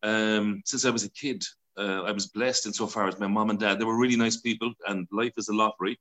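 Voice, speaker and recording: Irish guy in his 60s spinning stories in an interview, forceful bright voice, laughs a lot. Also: fairly low pitch, fairly even intonation, brisk. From Ireland. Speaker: broadcaster and interview guest. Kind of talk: casual storytelling interview.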